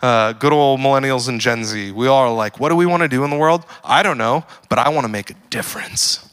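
A man's voice: mid-range voice, fairly quick, clear, resonant tone. Casual joking young preacher man. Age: young adult. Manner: casual, joking, filler-heavy, rising to animated emphasis. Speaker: pastor. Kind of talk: sermon.

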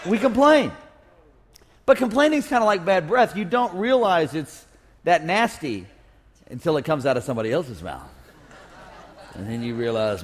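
Male pastor, high voice, playful call-and-response preaching, reverberant sanctuary. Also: big pitch swings, normal speed, pauses often. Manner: humorous, call-and-response with congregation. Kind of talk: sermon. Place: church sanctuary. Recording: long reverb of a church hall.

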